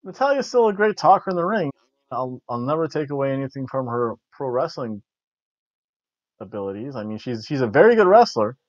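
A man's voice: mid-range voice, sing-song, brisk, a little mellow, dry recording. Man rambling jokily on a dull dry recording. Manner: rambling and jokey, with frequent restarts. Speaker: wrestling review podcast host. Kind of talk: casual review chat.

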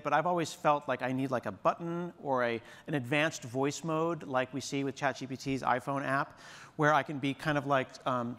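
A man's voice: mid-range voice, a bit bright. A man giving a chatty, enthusiastic demo talk on a conference stage. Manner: chatty, self-described yapper. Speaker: presenter. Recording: long hall reverb.

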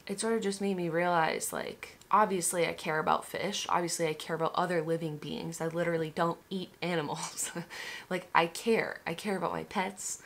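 Young woman, lowish voice, casual vlog monologue, candid, emotional, swears a lot. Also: steady tone, normal speed, a bit bright. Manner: candid and emotional, swears freely, full of restarts. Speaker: vlogger.

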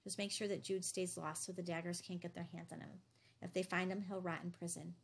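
A woman reading the lines of a grim, tense middle-aged father who speaks low and clipped. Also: little pitch movement, a little fast, gravelly, husky.

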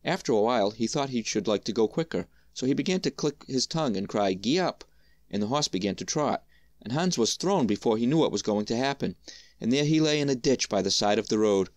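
A man reading a fairy tale aloud as storyteller, in a measured, even manner. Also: mid-range voice, dry recording.

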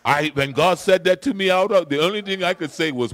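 A male pastor preaching a sermon in a church, swinging between shouted declarations and low, quiet lines, and repeating key phrases for emphasis. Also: fairly quick, few pauses. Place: church sanctuary.

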